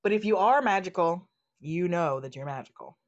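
A woman's voice: on the low side, lively intonation, normal speed. A woman in casual spiritual chat, talking with emphasis, swearing casually and acting out inner voices. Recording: dull lo-fi sound.

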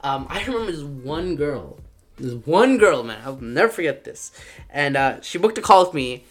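A man's voice: on the high side, very animated, normal speed, a bit bright. A young man casually telling a personal story, full of fillers like "like" and acting out voices in quotes. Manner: rambling, filler-heavy, acts out quoted dialogue.

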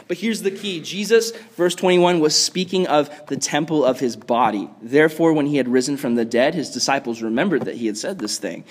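Male youth pastor, high voice, animated and chatty, throws in "like" a lot. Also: brisk, hardly any pauses, rough recording. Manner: animated, acts out quoted voices; conversational with fillers like "like". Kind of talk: youth sermon.

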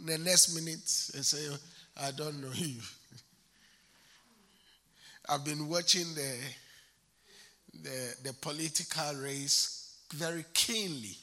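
A male pastor preaching a sermon, emphatic and repetitive, building to a fervent rise. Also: sharp tone. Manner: emphatic, repeats phrases, slows and rises to a fervent pitch.

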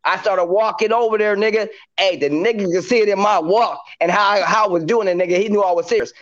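Man, high voice, animated storyteller, slangy casual chat, dull lo-fi sound. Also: fast talker. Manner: animated storyteller acting out quotes, heavy slang.

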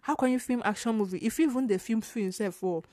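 A young woman from Nigeria with a Nigerian accent, hosting a casual solo podcast in an animated way, full of laughter, restarts and Pidgin asides. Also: on the high side, fast talker, dry recording, clean studio sound. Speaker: podcast host.

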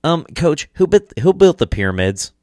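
A man's voice: big pitch swings, moderate pace, darkish tone, no echo, studio quality. A man voicing a whiny young student pestering his coach with naive questions. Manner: high, pleading, naive questioning.

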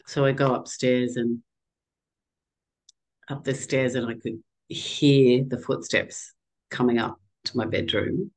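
A middle-aged woman speaks slowly as an interview guest. Her voice has a gravelly edge, and she tells her story haltingly with emotion, often restarting her sentences. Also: extremely low pitch, level tone, a little mellow, rough recording. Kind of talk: personal storytelling in conversation.

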